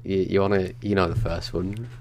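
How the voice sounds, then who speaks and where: A man's voice: low voice, steady tone, brisk, a little mellow, a little hiss or hum. A young man co-hosting a gaming podcast, blunt, sweary and teasing in casual chat. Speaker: podcast co-host.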